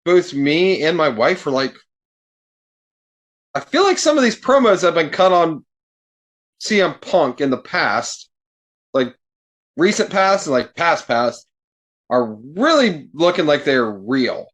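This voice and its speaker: A man as a podcast guest, talking in casual chat and sounding exasperated, swearing freely and getting animated. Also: fairly high pitch, slow, long pauses.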